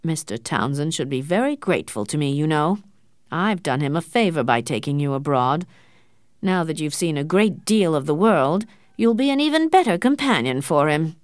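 A woman reading an audiobook, voicing a stern, cold older father, a doctor, who speaks in a quiet, controlled, hard way. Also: on the high side, sing-song, brisk, few pauses, clear, resonant tone, no room sound, studio quality, voice pushed up.

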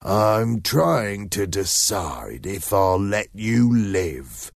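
Aggressive convict, husky and menacing; man doing the voice in a storybook reading. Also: fairly low pitch, big pitch swings, extremely slow, no echo, clean studio sound, full character voice. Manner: aggressive, threatening. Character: menacing, hungry escaped male convict.

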